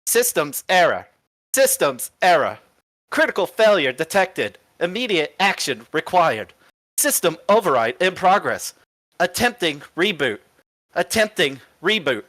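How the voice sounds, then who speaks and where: A cheerful, naive robot from a tabletop game, full of bouncy exclamations and oddly formal words, as a woman puts it on. Its pitch leaps all over the place, and the sound is dry and close. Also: measured pace, no echo, heavily acted. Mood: glitching. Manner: bouncy, excitable exclamations, stiff formal phrasing. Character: cheerful naive robot party member, metal frame. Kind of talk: in-character session recap.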